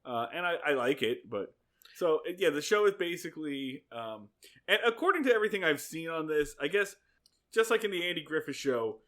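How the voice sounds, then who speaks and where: A man's voice: on the high side, lively intonation, fairly quick, fairly bright tone. A man co-hosting a podcast in casual, rambling, profane joking chat. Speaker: podcast co-host.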